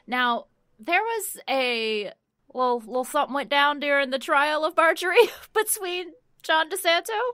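A woman co-hosting a casual true-crime podcast, trading quick reactions and reading case facts in short bursts. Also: high-pitched, lively intonation, a bit bright, no room sound, studio quality. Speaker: podcast co-host.

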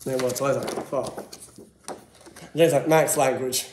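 A man giving excitable, giggly, rambling commentary as a vlogger. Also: medium pitch, a little slow, background noise. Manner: excitable, giggly, jumps between topics. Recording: echoey room.

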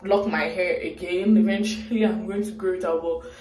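A young woman from Nigeria talks straight to her viewers in a loose, emotional ramble. Her voice is mellow and warm. The sound carries a noticeable echo of a room at home. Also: fairly low pitch, fairly even intonation, normal speed. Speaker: vlogger. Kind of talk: casual chat to camera.

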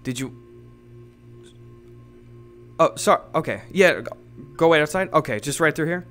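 A man improvising a comedic role-play in a rambling, halting manner, his speech full of fillers and restarts. His voice sits a little high and sounds bright and smooth. He is streaming from a home setup. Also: animated, soft background music. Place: home streaming setup, playing in virtual reality.

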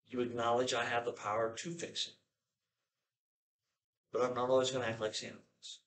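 A man's voice: mid-range voice, level tone, moderate pace, long pauses, a bit bright, rough recording. A man preaching a sermon in a conversational way, often checking in with his listeners and acting out prayers in a raised, pleading voice. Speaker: pastor.

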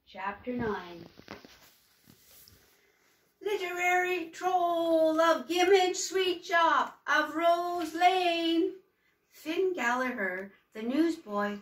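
A woman reading a children's storybook aloud in a slow, expressive way, in an echoey room heard from off-mic. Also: fairly high pitch, recorded from a distance. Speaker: reader to children and dogs.

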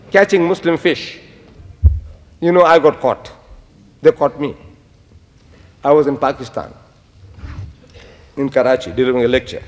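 An older man giving an animated public lecture, telling stories and quoting Arabic phrases. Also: on the high side, long reverb tail.

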